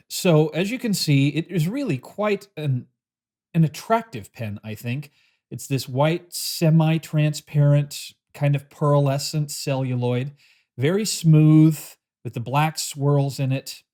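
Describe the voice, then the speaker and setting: A man with a voice on the high side hosts a pen review channel, chatting in a relaxed way as he shows off the box and pen. He pauses often and uses lots of fillers.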